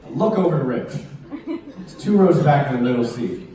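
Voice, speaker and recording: A man's voice: medium pitch, expressive, moderate pace, dark tone, some chatter behind. A man telling a self-mocking comic story on stage, acting out the sounds as he goes. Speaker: convention panel performer. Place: large convention hall. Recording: echoey hall, distant mic, audience. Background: audience laughter and murmurs.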